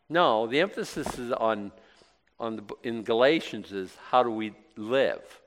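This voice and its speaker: A man's voice: medium pitch, normal speed. A man giving a sermon as pastor, conversational and emphatic, asking questions and answering them himself. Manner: conversational, rising to emphatic bursts then dropping soft.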